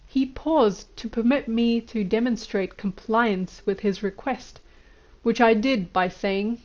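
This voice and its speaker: A woman's voice: fairly high pitch, takes it slowly, a little mellow, highs cut off. Woman reading a book aloud. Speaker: audiobook reader.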